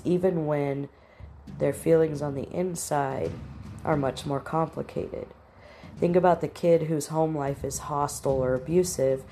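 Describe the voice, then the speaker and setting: A woman's voice: sits low, mellow, a little hiss or hum. A woman teaching about relationships in a plain-spoken, direct way, giving firm practical instructions. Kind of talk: instructional talk to camera.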